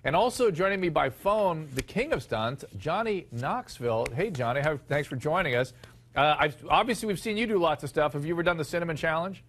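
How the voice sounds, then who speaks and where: A man's voice: fairly high pitch, lively intonation, fairly quick, a bit bright, a little hiss or hum. A male talk show host with an easy, conversational delivery. He explains a point, then turns to his guests with questions. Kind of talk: news talk show interview.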